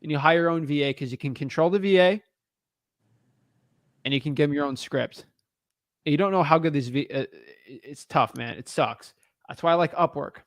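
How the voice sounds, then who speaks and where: A man's voice: on the high side, moderate pace, pauses often, no echo, studio quality. A man coaching a newcomer on a call, blunt and frank, calling him man and dude. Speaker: real estate wholesaling coach.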